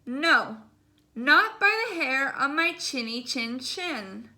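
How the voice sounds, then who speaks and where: A clever little pig from a storybook, cheeky and sure of himself, as a woman reading aloud puts him on. His voice is high and bright. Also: sing-song, slow pace, heavily acted.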